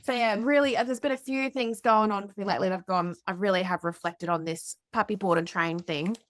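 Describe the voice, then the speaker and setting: A woman hosting a podcast, telling a story in a chatty, animated way with lots of fillers. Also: mid-range voice, fairly quick. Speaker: podcast host. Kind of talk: casual storytelling chat.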